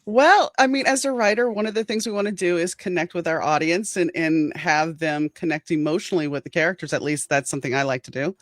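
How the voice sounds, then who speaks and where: A woman's voice: on the low side, steady tone, fast talker, few pauses, no echo. Earnest woman author, dry close sound. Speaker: author guest. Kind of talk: casual interview chat.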